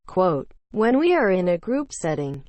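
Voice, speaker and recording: A woman's voice: lowish voice, big pitch swings, measured pace, a little mellow, no room sound. A woman reading forum posts aloud in a dry, matter-of-fact scripted narration.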